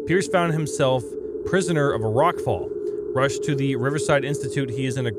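A young man giving casual, excitable gameplay commentary, often swearing and saying dude. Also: mid-range voice, a little fast, heavy background noise. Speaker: let's play gamer. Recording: game music playing behind.

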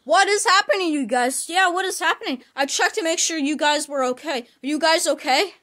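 High-voiced woman acting out a toy play. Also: a little fast, a bit bright. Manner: dramatic, shifting between characters. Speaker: puppeteer voicing the toys. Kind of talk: plush toy drama.

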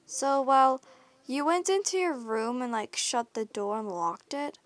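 A woman's voice: sits high, animated, measured pace, no room sound, soft background music. A woman narrating a listener role-play story in a casual, rambling way, full of fillers. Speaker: audio role-play creator.

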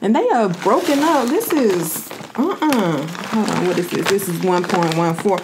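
A woman's voice: medium pitch, expressive, unhurried, noisy background. A woman hosting her own vlog, chatting casually and informally with her viewers. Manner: chatty, informal, often addresses viewers as y'all. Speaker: vlogger host. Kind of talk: casual chat to camera.

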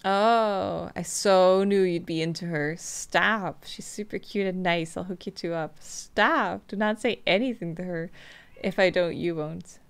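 A woman playing a video game, reading the on-screen text messages aloud in a flat, quick way between casual comments. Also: on the low side, gravelly, clean tone. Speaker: gameplay streamer. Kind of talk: casual let's-play commentary.

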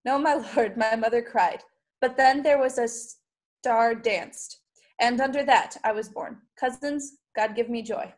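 A teenage girl playing a witty, sharp-tongued young noblewoman in a Shakespeare school play over a video call, full of quick mocking wordplay. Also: on the high side, lightly acted. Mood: teasing. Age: late teens. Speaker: student actor. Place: home.

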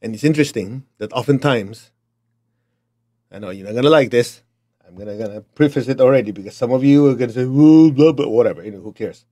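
Middle-aged man, Chinese accent, motivational teacher, blunt and emphatic, mid-pitched voice. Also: quick pace, dark tone. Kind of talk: motivational talk.

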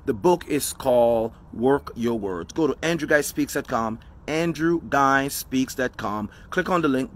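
A man giving a motivational talk outdoors, with an emphatic, preachy delivery that repeats key phrases. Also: mid-range voice. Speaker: motivational speaker. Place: outdoors on his front step.

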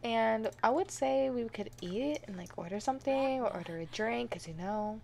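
A woman hosting a life-sim let's play, commenting excitedly with gasps and laughs. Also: a little high, moderate pace, vocal fry, a little hiss or hum. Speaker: gaming channel host.

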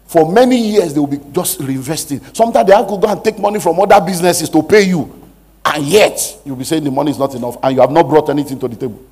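Husky-voiced man preaching emphatically. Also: fairly high pitch, darkish tone. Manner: emphatic, rhetorical questions, calls of "Hello?". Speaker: pastor teaching a money seminar. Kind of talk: preaching-style financial lecture.

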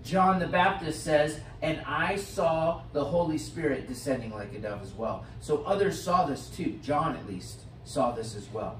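A man with an American accent, a pastor preaching a sermon with expressive swings from loud to hushed. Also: fairly high pitch, unhurried, hardly any pauses. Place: church sanctuary. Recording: roomy church sound from a distant mic, faint hiss.

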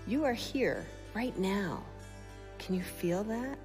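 Slow, calm woman guiding mindfulness. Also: medium pitch, faint music behind. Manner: gentle, calm, with soft questions. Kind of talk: guided mindfulness for children.

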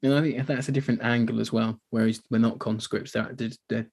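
A man's voice: mid-range voice, level tone, fairly quick, creaky, darkish tone. A man from England co-hosting a podcast, chatting casually about a war film and acting out its lines. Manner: chatty, laughs, acts out quoted dialogue. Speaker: podcast co-host.

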